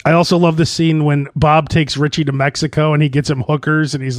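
A man hosting his comedy podcast in a casual monologue, brash and excitable, laughing at his own jokes. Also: a little high, fairly quick, few pauses, no room sound, studio quality.

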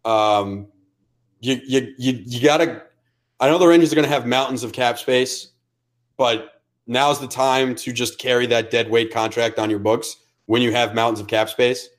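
A man co-hosting a sports podcast, arguing his points in a lively, emphatic, opinionated way. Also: medium pitch, moderate pace. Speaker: podcast co-host. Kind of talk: casual sports podcast chat.

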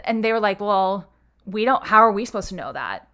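A woman's voice: medium pitch, lively intonation, fairly quick, sharp tone. Chatty young woman telling a story. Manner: chatty, full of "like" fillers, acts out quoted dialogue. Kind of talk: casual storytelling chat.

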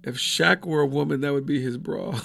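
Gravelly middle-aged man telling family stories. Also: fairly high pitch, normal speed, no room sound, clean studio sound. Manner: animated storyteller acting out family scenes. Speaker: comedian guest. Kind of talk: casual podcast chat.

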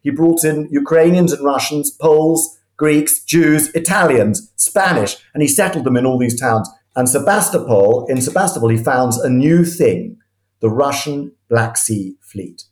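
A man telling history as an animated, enthusiastic storyteller, often restarting his sentences. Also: mid-range voice, measured pace, echoey room. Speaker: historian guest.

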